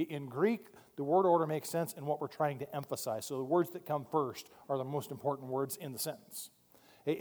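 A man preaching a sermon from a church pulpit, animated, moving between quiet asides and loud emphatic points. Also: a little high. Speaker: pastor. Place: church sanctuary. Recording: long hall reverb.

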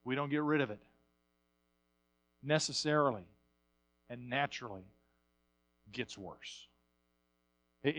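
A male pastor preaching a sermon, repeating words as he builds up, swinging from quiet asides to loud bursts. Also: on the high side.

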